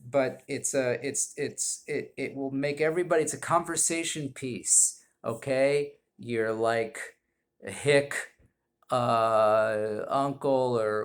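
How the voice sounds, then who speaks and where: Male whisky reviewer, slow rambling deadpan delivery full of hesitations. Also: mid-range voice, gravelly. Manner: rambling, halting, deadpan, heavy with fillers. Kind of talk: comedic monologue review. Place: indoors at home.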